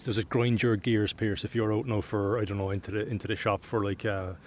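A man's voice: lowish voice, little pitch movement, brisk, darkish tone, a little hiss or hum. A man hosting a podcast interview, asking friendly questions with rambling lead-ins. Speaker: podcast host. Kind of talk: casual interview.

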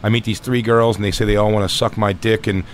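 Male guest, lowish voice, quick casual rambling, slight background noise. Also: level tone. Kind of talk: podcast interview.

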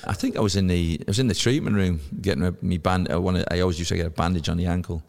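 Man, 50s, very deep voice, gravelly, animated storyteller, reverberant room. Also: racing. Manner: lively storyteller who acts out quoted voices. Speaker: podcast guest, former footballer. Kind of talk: anecdotal podcast chat.

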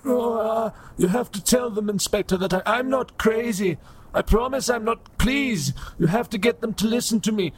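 A man's voice: sits high, normal speed, slightly rough, voice pushed up. A man voicing an old, broken robot priest who pleads to be believed. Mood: pleading. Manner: pleading, trembling.

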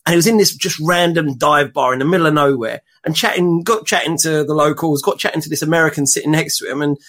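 A man's voice: on the high side, fairly bright tone. A man co-hosting a casual podcast chat, telling stories with many stops and restarts. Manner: halting storyteller with many restarts. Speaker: podcast co-host.

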